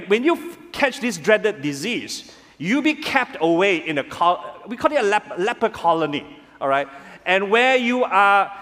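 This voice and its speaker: A man preaching a sermon as pastor, animated and calling on the congregation to respond. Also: high-pitched. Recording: reverberant hall.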